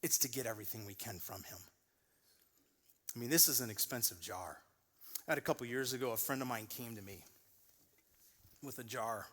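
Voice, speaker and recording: A man in his forties preaching a sermon as pastor, telling stories with lively acted-out voices and loud bursts. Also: mid-range voice. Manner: animated storytelling, acting out voices in loud bursts. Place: large church auditorium. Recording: long hall reverb.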